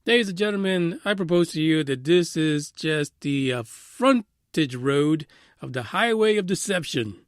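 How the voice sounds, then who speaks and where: A man's voice: a little high, expressive, measured pace, clear, resonant tone, no room sound. Ranting sarcastic man, dry close mic. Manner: frequent "uh" fillers. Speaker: radio news show host. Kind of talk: casual commentary.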